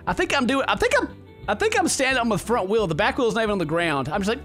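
A man's voice: high voice, quick pace, soft background music. A man giving comedic, sarcastic commentary while playing a game, laughing often. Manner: animated and jokey, laughing often, sarcastic asides. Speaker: let's play gamer.

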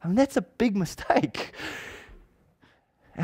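A pastor preaching a sermon, telling a personal story and acting out the dialogue in it with feeling. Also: male voice, mid-range voice, fairly quick, darkish tone.

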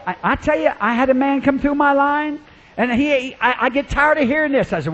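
Fervent high-voiced shouting preacher. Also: male voice, a little fast. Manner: fervent, swings from low storytelling to shouting; acts out people in his stories. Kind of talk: revival sermon.

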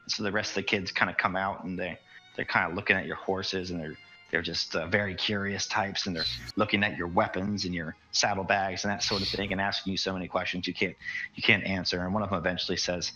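A man's voice: deep voice, flat delivery, quick pace, bright, forceful tone, soft background music. A man narrating as game master in a tabletop game, rambling with many fillers. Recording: dull lo-fi recording.

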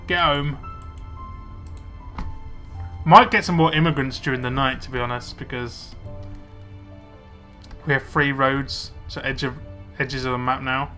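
A man's voice: mid-range voice, steady tone, normal speed, pauses often, bright, forceful tone, faint music behind. A young man casually commenting on his gameplay, muttering to himself as he plays. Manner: chatty, muttering to himself while playing. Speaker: let's play gamer.

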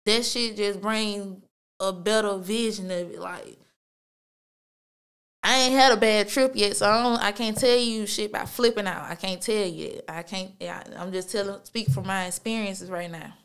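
A podcast host tells a story on her own show in a medium-pitched voice that is steady, a bit bright, clear and resonant, at a normal speed. Her monologue is laid-back and slangy, heavy on cursing and padded with "like" and "you feel me."

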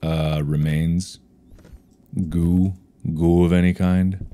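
A man's voice: low-pitched, flat delivery, slow, mellow. A man playing a horror game alone, teasing and taunting an unseen ghost with sudden yelps. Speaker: game streamer.

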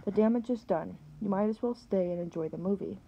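A woman reading aloud, voicing a worried young girl who speaks in a hurried, anxious way. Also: medium pitch, gravelly, warm tone, muffled recording, slight background noise, natural voice.

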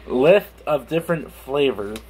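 A man's voice: medium pitch, lively intonation, unhurried, a little mellow, slight background noise. A young man chatting casually on his vlog, speaking with a lisp from a burned tongue, laughing and swearing as he stumbles over words. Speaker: YouTuber.

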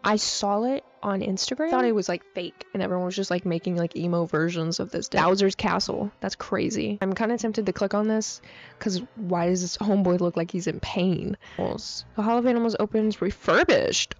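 Young woman, casual gameplay commentary, chatty and excitable, mid-pitched, muffled lo-fi mic, faint background music. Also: normal speed. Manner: excitable, chatty, full of slang and fillers. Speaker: gaming YouTuber. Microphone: handheld mic, peaking and overdriven.

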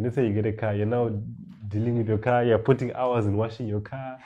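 Man, middle pitch, informal sermon, conversational, stops to check his listener understands, restarts his sentences. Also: level tone, a little fast, dark tone, dull audio. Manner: conversational, repeats "you understand?", frequent restarts. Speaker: prayer meeting leader.

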